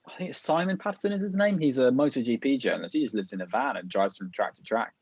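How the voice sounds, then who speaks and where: Male podcast co-host, husky, jokey chat, dry muffled recording. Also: medium pitch, lively intonation. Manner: jokey, laughs often, quick tangents. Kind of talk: casual chat. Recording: dull lo-fi, dry room.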